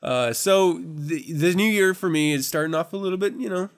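A man's voice: fairly high pitch, moderate pace, clean tone. A man hosting a podcast in a casual chat, laughing often, swearing freely and rambling through restarts. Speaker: podcast host.

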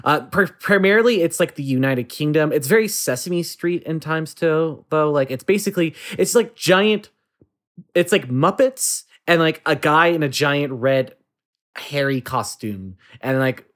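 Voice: mid-range voice, animated, a little slow, fairly bright tone. Rambling, giggly podcast host. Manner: rambling, giggly, lots of fillers. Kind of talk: casual podcast chat.

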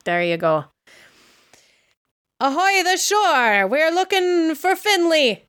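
A woman playing a wary, gruff old aunt and clan elder, grumbling in a lowered voice, with a dry close sound. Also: normal speed, fairly bright tone, no room sound, lightly acted.

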